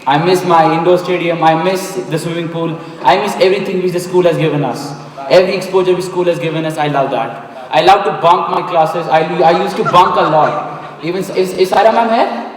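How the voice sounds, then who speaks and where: Young man, hesitant and jokey, pauses often; far-off mic in a reverberant hall, faint ambience. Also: on the high side. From Kashmir. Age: young adult. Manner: hesitant, full of uhs, jokey. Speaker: alumni speaker. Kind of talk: informal speech at a school event. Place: school hall.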